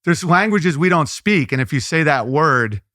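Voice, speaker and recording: A male comedian talks in a loose, riffing way, full of "like" fillers and quick restarts. His voice sits a bit high and comes across bright and forceful. The recording is dry and close. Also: lively intonation, dry recording. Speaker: comedian guest. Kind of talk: casual interview chat.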